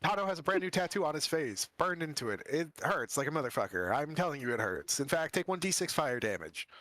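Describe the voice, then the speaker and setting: A man's voice: fairly high pitch, expressive, quick pace, sharp tone, dry recording. A man running a tabletop game as game master, narrating in a joking, profane way.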